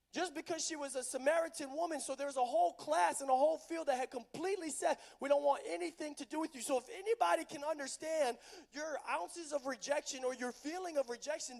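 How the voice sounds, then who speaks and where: High-voiced gravelly male preacher. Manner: impassioned, builds to loud preaching. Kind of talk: sermon.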